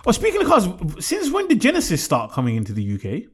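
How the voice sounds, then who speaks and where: A man in a casual chat about cars talks fast, and his voice swings widely up and down. He jumps in with quick, disbelieving reactions and blunt opinions. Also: high voice, huge pitch swings, fairly bright tone, slightly rough. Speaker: car podcast co-host.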